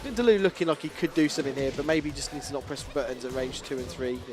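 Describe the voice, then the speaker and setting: A man's voice: medium pitch, fast talker, music in the background. A man casually commentating a fighting game tournament, chatty and playful, often laughing.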